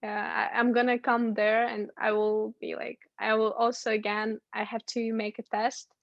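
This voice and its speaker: A woman's voice: a little high, little pitch movement, moderate pace, creaky, dry recording, highs cut off. A young woman from Uzbekistan, chatting as a guest from home over a video call, upbeat and giggly with lots of fillers. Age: young adult. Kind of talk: casual video-call chat.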